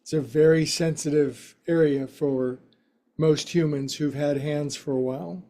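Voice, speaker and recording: A man teaching a yoga class, guiding stretches with slow cues and playful, folksy quips. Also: on the high side, steady tone, mellow. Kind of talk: guided yoga class instruction.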